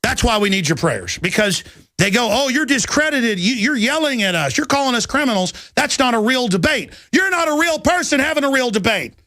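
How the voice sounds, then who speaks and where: A man's voice: very high-pitched, very animated, a little fast, dry recording. A man in his thirties hosting a talk radio show, ranting with passion and mocking his opponents in put-on voices. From Texas. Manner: loud, impassioned, mocking impressions. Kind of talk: ranting political radio monologue.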